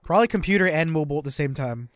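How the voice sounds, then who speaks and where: A man's voice: fairly high pitch, lively intonation, rapid-fire. A young man bantering with friends on voice chat while streaming an online party game. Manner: joking, bantering, repeats himself.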